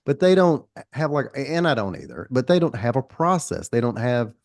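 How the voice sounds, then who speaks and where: A man's voice: medium pitch, sing-song, normal speed, a little mellow, no room sound, studio quality. A middle-aged man with a Southern country accent hosting a podcast interview, talking in a rambling, folksy, self-deprecating way. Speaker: podcast host.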